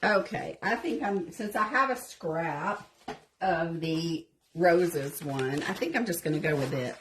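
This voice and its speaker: A woman's voice: on the low side, lively intonation, measured pace, a little hiss or hum. A woman with a Southern US accent hosting a casual craft live stream, chatting folksily with viewers while she works on a project. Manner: chatty, folksy, says y'all a lot. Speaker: craft show host.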